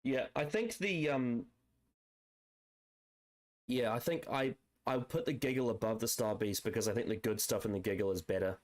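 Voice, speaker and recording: A man's voice: medium pitch, normal speed, pauses often. A man co-hosting a podcast, talking in a loose, rambling way with many restarts as he picks apart a story. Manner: rambling, restarts a lot, analytical. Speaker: podcast co-host. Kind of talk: casual chat.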